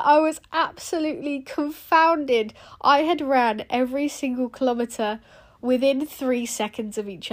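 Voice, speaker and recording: A young woman hosting a running podcast, chatting casually and animatedly with lots of "like" fillers. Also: fairly high pitch. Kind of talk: casual solo chat.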